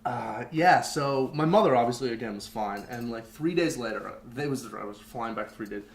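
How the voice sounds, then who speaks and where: A young adult man with a medium-pitched, expressive voice and some vocal fry tells a personal story at normal speed while guesting on a podcast. He's candid, rambling and full of fillers, and the room echoes with faint noise behind him.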